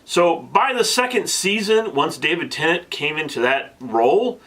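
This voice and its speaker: Excitable man telling a fan story. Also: a little high, normal speed. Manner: excitable, animated storytelling with many restarts; gets emotional. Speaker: vlogger. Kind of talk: casual storytelling vlog.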